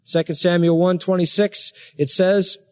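A man's voice: sits high, steady tone, measured pace, a little mellow. A man preaching a sermon, reading scripture aloud and rising sharply in emphatic indignation. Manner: reads scripture aloud in King James wording.

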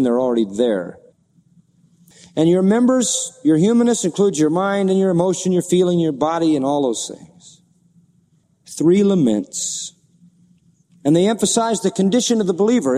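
A man's voice: fairly high pitch, warm tone, long reverb tail. A man preaching an expository sermon, reading scripture dramatically and asking the congregation rhetorical questions.

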